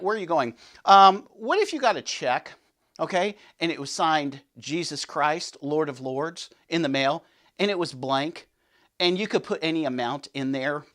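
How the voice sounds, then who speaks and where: A man hosting a men's ministry show, preaching a devotional with rhetorical questions, swinging between loud and hushed. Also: fairly high pitch. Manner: peppers talk with "you know what I'm saying" and "okay"; asks listeners rhetorical questions.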